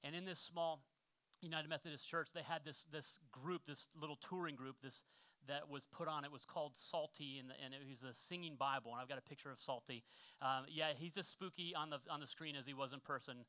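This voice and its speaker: Man in his forties, sermon storytelling, bright crisp voice, dry close sound. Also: on the high side, a little fast, no echo. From northwestern Pennsylvania. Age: 40s. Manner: storytelling, animated when acting out childhood scenes, then quiet and reflective. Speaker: pastor.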